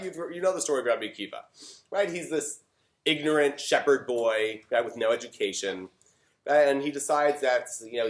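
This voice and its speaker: A middle-aged man from Canada, a rabbi giving an informal Torah talk, chatting with many fillers and joking asides. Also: mid-range voice. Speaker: rabbi teaching a class. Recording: roomy echo.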